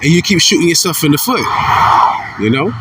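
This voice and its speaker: A man's voice: sing-song, a little fast, recorded from a distance, background noise. Blunt, fired-up preaching man. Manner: blunt, profane, repeats himself, swings from fired-up to low and muttered. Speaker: religious commentator. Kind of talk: informal preaching monologue.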